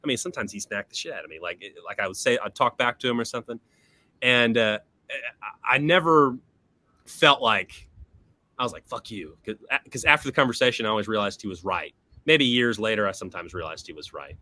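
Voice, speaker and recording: A man with a bright, forceful voice shares personal stories on a podcast. He speaks earnestly and reflectively, swearing casually as he goes. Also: lowish voice, fairly quick. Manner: earnest, profane, reflective storytelling. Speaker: podcast guest.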